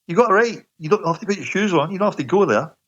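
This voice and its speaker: A man talks football as a guest in a slightly high voice. He is opinionated and casual, restarting his sentences and leaning on "you know" and "mate." The sound is dull and lo-fi. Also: animated, very fast, fairly bright tone. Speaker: guest pundit. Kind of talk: casual sports radio chat.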